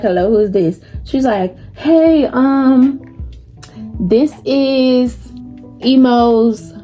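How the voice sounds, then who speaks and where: A woman's voice: medium pitch, dark tone. A young woman telling a story casually while doing her makeup, chatty and slangy, laughing often. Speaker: vlogger.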